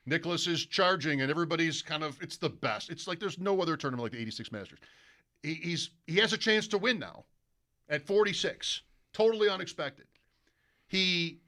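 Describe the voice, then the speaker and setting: This sports radio host, a man with a voice on the high side, tells a lengthy story during relaxed studio banter. He gets animated and mimics the calls of broadcasters.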